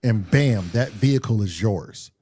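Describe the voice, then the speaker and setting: A man co-hosting a casual live-stream chat, telling a story with animated energy and often repeating words as he builds up. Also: on the low side, unhurried, husky, no room sound. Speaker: co-host.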